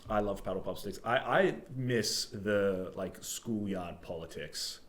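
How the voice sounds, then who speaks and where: Aussie young bloke rambling on a podcast, lowish voice, jokey. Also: male voice, a little slow, fairly bright tone. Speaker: podcast co-host. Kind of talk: casual chat.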